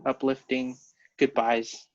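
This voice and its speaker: A man's voice: medium pitch, level tone, takes it slowly. A man co-hosting a casual podcast, talking loosely with lots of fillers, recorded with a dull, dry sound. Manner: loose, filler-heavy talk. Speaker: podcast co-host.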